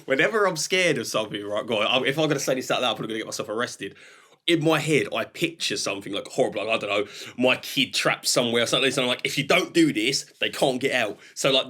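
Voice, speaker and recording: A man in his thirties talks as a guest in a relaxed chat. His pitch swoops widely as he tells animated stories, laughing often and playing out his own reactions. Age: 30s. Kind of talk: casual chat.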